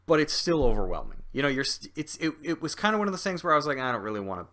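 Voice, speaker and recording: A man's voice: fairly high pitch, sing-song, quick pace, fairly bright tone, slight background noise. A young man talking through a video game in a casual review, rambling with lots of ums and restarts and a jokey streak. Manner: chatty and jokey.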